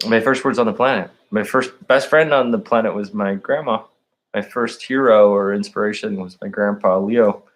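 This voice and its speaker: A man's voice: fairly low pitch, normal speed. A man vlogging in a meandering, stream-of-consciousness monologue, full of "like" and "um". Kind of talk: rambling solo monologue.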